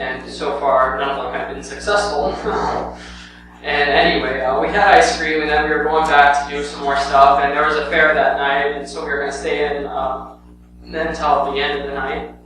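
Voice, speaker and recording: A young man presenting his church mission trip in a rambling, casual way, full of "um" and "anyway". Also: a little high. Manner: rambling, with many "um" and "anyway" fillers. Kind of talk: casual spoken report to a congregation. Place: church sanctuary. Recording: very echoey church hall, heard from a distance, with a clear hum.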